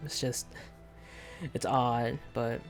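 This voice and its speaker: A man's voice: medium pitch, level tone, drawn-out words, soft background music. Rambling young-sounding man streaming a game. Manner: rambling, hesitant, many fillers and restarts. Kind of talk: casual live-stream chat.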